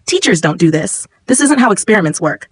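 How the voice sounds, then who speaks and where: A woman's voice: mid-range voice, very animated, fairly quick, slightly rough. A woman reading the lines of a frightened teenage schoolgirl who speaks in a choked, pleading way in a storybook narration. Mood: scared. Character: frightened teenage girl student in tears.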